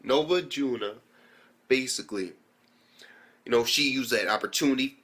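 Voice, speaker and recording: A man's voice: medium pitch, moderate pace, fairly bright tone, slightly rough. A man giving a rambling, profane spoken anime review, acting out characters' lines as he retells the episode.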